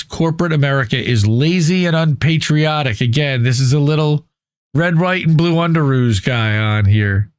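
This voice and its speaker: Here a podcast host with a slightly high voice and no room sound reads an article out loud. He breaks off to weigh in bluntly and opinionatedly, with casual swearing throughout.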